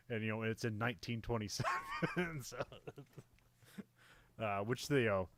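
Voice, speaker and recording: A man's voice: on the low side, level tone, normal speed, background noise. A man co-hosting a casual movie podcast, rambling and laughing often, with lots of fillers. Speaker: podcast co-host.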